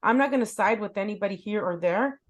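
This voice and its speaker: A woman's voice: mid-range voice, quick pace. A middle-aged woman hosting a casual chat interview, talking emphatically and repeating words for stress. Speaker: host.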